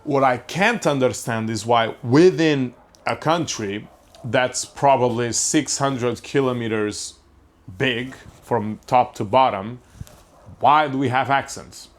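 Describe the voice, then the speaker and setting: A man's voice: medium pitch, takes it slowly. Rambling man musing on a podcast. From Portugal. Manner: rambling, self-interrupting, swears casually. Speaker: podcast host. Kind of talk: casual comedic monologue.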